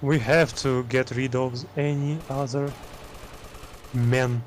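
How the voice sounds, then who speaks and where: A man's voice: medium pitch, level tone, slow, slight background noise. A man with a German accent giving casual, chatty commentary on a video game race, explaining strategy with self-deprecating jokes. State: tired.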